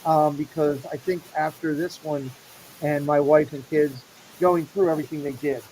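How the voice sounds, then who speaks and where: Middle-aged man telling an animated story. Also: fairly high pitch, normal speed, a little hiss or hum, low-quality recording. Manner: animated storyteller acting out quoted people. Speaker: show host. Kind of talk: casual storytelling chat.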